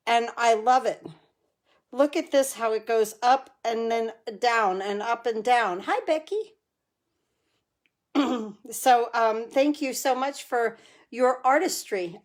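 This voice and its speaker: Middle-aged woman from New Jersey, friendly craft-stream host, chatty and upbeat, voice sits a bit high. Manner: chatty, greets viewers by name, enthusiastic about cards. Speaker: card-making demonstrator hosting a live stream. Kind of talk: casual live craft tutorial.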